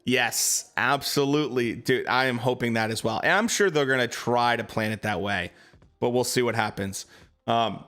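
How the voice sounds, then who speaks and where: A man's voice: medium pitch, normal speed, a bit bright, soft background music. A man streaming live, chatting casually about boxing and answering his viewers, with lots of fillers.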